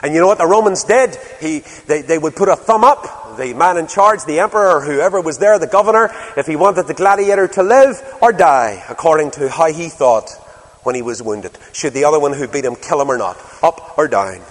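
A man's voice: fairly high pitch, animated, fairly quick. An older man preaching a sermon, telling stories animatedly and asking his listeners rhetorical questions. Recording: long hall reverb.

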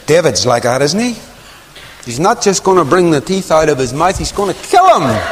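A man preaching a sermon, telling a story with sudden high swoops of emphasis and hushed low asides. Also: slight background noise. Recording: long hall reverb.

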